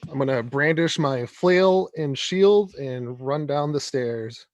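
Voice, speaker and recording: A man's voice: mid-range voice, animated, takes it slowly, dry recording, lo-fi sound. A man playing a tabletop game in a laid-back way, drawing out his words as he searches for what to say. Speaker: player. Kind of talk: casual tabletop game play.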